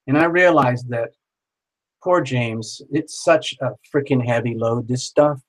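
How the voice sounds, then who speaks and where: A man telling a personal story in a casual, animated way, swearing freely and acting out the other people in it. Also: medium pitch, a little slow, rough recording. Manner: animated, swears casually, acts out quoted voices.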